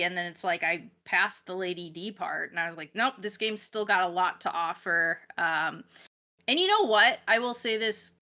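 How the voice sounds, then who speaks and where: A woman's voice: medium pitch, pushed and bright. A woman co-hosting a casual podcast, chatty and enthusiastic, with many fillers. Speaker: game editor, podcast co-host.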